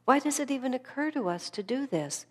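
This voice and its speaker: A woman giving a spiritual class lecture, telling stories in an earnest, animated way. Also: high voice, a little fast. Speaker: spiritual teacher.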